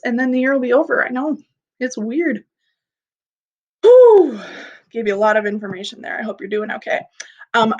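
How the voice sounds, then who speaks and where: A young woman teaching an English class online in a chatty, playful way, explaining things simply. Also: fairly high pitch. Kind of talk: recorded online class lesson.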